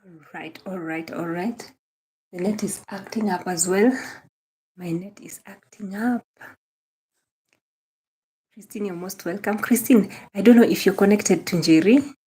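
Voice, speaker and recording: A woman's voice: mid-range voice, a little slow, long pauses, warm tone, husky. A young Kenyan woman with a Kenyan accent, chatting casually on a live stream, greeting viewers by name and repeating her phrases, sometimes mixing in Swahili. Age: young adult. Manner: mixes Swahili into English.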